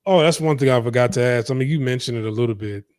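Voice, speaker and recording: A man's voice: medium pitch, fast, darkish tone, smooth, dry recording. A man hosting a casual chat, asking questions and reacting with short remarks. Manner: laid-back, reacts with short exclamations. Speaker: podcast host.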